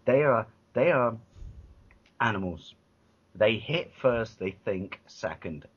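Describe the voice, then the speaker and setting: An English man co-hosting a casual podcast chat, telling rambling animated stories with lots of restarts and swearing. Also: lowish voice, slow pace, slightly rough. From England. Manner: rambling, animated storytelling with many restarts and profanity. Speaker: podcast co-host. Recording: dull lo-fi podcast audio.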